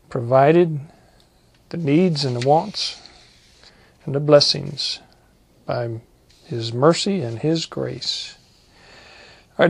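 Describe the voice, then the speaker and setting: A man preaching, reading psalms aloud in a slow, measured way and adding short comments. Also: a little high, gravelly, no room sound. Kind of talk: Bible reading and sermon.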